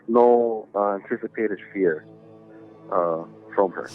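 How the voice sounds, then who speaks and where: A man with a lowish voice tells a ghost story slowly as a podcast guest, rambling, swearing and using lots of fillers. His casual storytelling comes over a tinny, phone-like line with soft music in the background.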